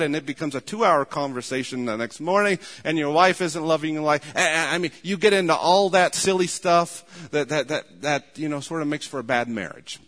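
A man's voice: a little high, a bit bright. A man preaching a sermon, retelling a story and building to fervent emphasis. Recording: long hall reverb.

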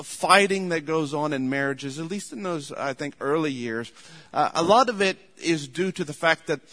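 Bright-voiced male preacher in a hall. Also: fairly high pitch. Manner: conversational, animated storytelling with acted quotes. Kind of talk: sermon on marriage. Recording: large hall with long reverb.

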